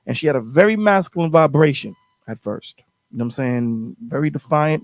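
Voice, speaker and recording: A man's voice: on the high side, fairly quick, creaky, no room sound. A man hosting a call-in show, telling a story in casual chat, rambling and repeating his words.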